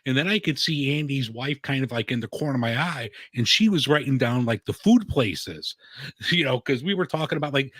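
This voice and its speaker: A man's voice: medium pitch, animated, fairly quick, fairly bright tone, no echo. Guy host rambling, lots of "like", dry close sound, mid voice. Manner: rambling storyteller, heavy on filler "like", swears casually. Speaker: show host. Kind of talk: casual chat.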